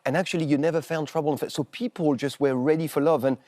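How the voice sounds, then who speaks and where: Guy on a morning show, quick and kinda high, rambly, dry sound. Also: fairly even intonation, darkish tone, no room sound. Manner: expansive, repeats "you know" and restarts. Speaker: maître d' guest on a TV show. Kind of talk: animated interview talk.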